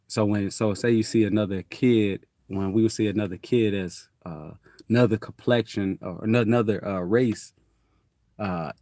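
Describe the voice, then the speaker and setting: A man rambles through a casual spiritual monologue and swears freely. His voice sits a little low. The sound is dry and close, with no room around it. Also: steady tone, moderate pace, dark tone, no room sound. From Detroit, USA. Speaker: host.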